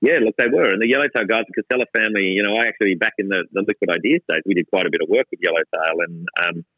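A middle-aged Australian man, a gin company co-founder, speaks as an interview guest in a gin distillery lab. His low voice races along as he talks casually and irreverently, poking fun at himself and often starting over. The recording is dry, with the highs cut off.

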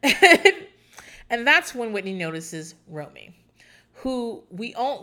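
A woman's voice: mid-range voice, sharp tone. A woman in casual talk, rambling and swearing freely as she recaps a show, with frequent laughs and filler words. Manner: profane, rambling, chatty, often laughing.

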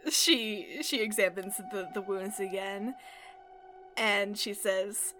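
Bright-voiced woman game master. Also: medium pitch, fairly even intonation, slow, a little hiss or hum. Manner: hesitant, giggly narration. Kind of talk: narrating a tabletop game.

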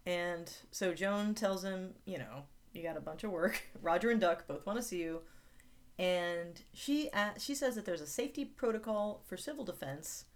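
A woman's voice: fairly low pitch, lively intonation, normal speed. A woman co-hosting a podcast in casual chat, talking in a chatty way with lots of filler words. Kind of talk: casual chat recapping a TV episode.

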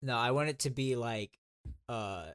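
Male co-host, mid-pitched, excitable, quick to laugh, casual profanity. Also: dry recording, studio quality. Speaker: podcast co-host. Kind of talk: casual chat.

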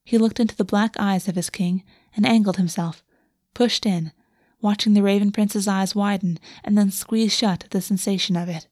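A woman reading a fantasy romance aloud as narrator, in a soft, steady storytelling voice on a close microphone. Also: medium pitch, normal speed, dry recording. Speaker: audiobook narrator. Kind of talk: scripted narration.

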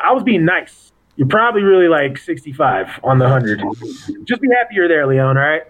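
Joking man with a slightly high voice. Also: sing-song, brisk, a bit bright, poor audio. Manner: joking, teasing, puts on silly voices. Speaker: podcast co-host. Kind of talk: casual banter.

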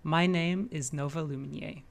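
A player voicing a grave, driven former Jedi prophet in their own voice, in a measured dramatic monologue. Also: medium pitch, steady tone, gravelly, natural voice. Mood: solemn. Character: fallen Jedi prophet of a new light side, grave and driven. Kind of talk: in-character monologue.

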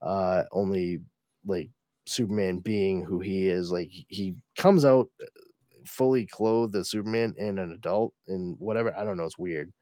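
Reviewing comics on his casual podcast, this host rambles through a story recap full of swearing and fillers. His voice sits low and dark, a little slow, with no echo around it.

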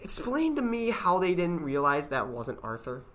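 A man's voice: a little high, sing-song, moderate pace, a bit bright. A man in casual movie chat, talking loosely with lots of fillers and questioning plot holes. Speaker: podcast co-host.

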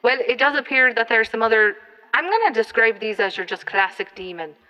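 A woman player wryly describing scenes in a tabletop game into a phone, with hesitant pauses. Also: fairly high pitch, expressive, sharp tone, long reverb tail, dull audio. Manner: wry, hesitant.

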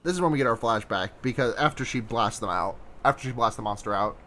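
A man's voice: medium pitch, quick pace, bright, forceful tone, a little hiss or hum. A man co-hosting a casual chat about a show's episode, rambling with frequent fillers and restarts. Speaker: podcast co-host.

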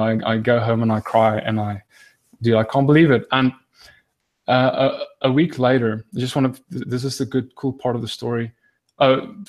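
Man, middle pitch, earnest guest recounting a story, halting with many restarts. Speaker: guest sharing a testimony. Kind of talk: casual storytelling.

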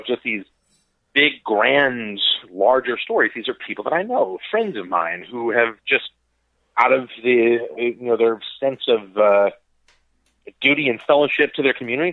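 A man's voice: mid-range voice, dry recording. A young man calling in as a podcast guest, chatting casually and rambling with lots of fillers and jokes. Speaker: podcast guest on a phone call. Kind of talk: casual chat. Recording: dry tinny phone line.

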